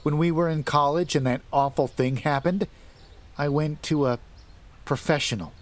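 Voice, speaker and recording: A man's voice: a little high, moderate pace, pitched above the performer's own voice, natural voice. Man voicing a frantic haunted young wife. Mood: earnest. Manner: desperate, pleading, breaking into sobs. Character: frightened wife haunted by her dead twin.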